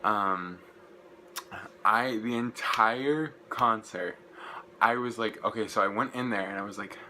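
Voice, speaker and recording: A young man, gushing and rambling through an excited casual vlog recap, full of "like" fillers. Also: fairly low pitch, a little slow, slight background noise, low-quality recording. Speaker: vlogger.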